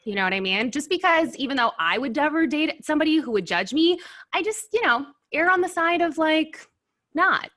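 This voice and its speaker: A woman hosting a casual chat while tasting wings, animated and blunt, sometimes talking with her mouth full. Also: high-pitched, brisk. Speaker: host. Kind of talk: casual food review chat.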